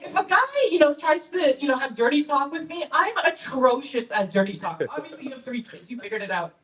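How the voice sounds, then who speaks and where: Young female stand-up comic, high voice, brash crowd work, a bit distant from the mic. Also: animated, a little fast, a bit bright. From Canada. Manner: brash, teasing crowd work, lots of "okay?". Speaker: stand-up comedian. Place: comedy club stage.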